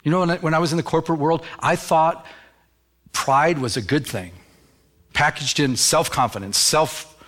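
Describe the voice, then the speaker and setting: A man's voice: a little high, normal speed, a bit bright. A man preaching a sermon as pastor, with many restarts, who acts out the voices he quotes.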